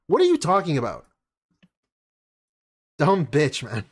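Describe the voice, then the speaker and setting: A man with a somewhat high voice rants through a reaction stream. His commentary is profane, sneering and heated, full of mockery. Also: huge pitch swings, unhurried, slightly rough.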